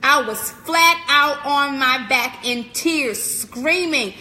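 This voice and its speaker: A long reverb tail follows the high-pitched, pushed, bright voice of a woman motivational speaker. Slow-paced with few pauses, she preaches an inspirational message on a live stream, using repetition and direct address.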